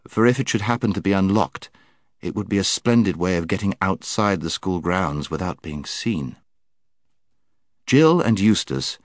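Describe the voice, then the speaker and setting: A man reading an audiobook aloud, telling the story in a measured, expressive way. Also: low voice, dry recording, studio quality. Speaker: audiobook narrator. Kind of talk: scripted narration.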